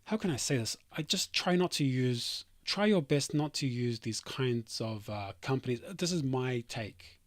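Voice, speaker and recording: A man's voice: medium pitch, a little slow, no room sound. A developer streamer talking casually to his chat, reading comments aloud with dismissive, rambling asides.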